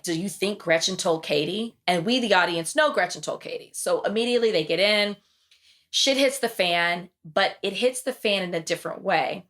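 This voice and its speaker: A woman hosting a podcast, retelling TV episodes in casual chat and acting out the quotes. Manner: animated storytelling, acts out quotes with big pitch jumps. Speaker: podcast host.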